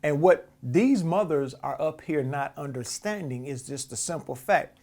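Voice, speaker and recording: A man's voice: on the high side, animated, a little slow, a little mellow. A man hosting a podcast, giving heated, profane commentary on a clip and often repeating words as he restarts. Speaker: podcast host. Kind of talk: reacting to a clip, casual commentary.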